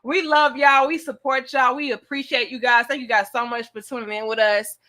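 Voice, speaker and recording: Woman, young adult, host, casual live chat, playful teasing, high pitch, bright voice. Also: steady tone, brisk. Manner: playful, teasing, laughs often.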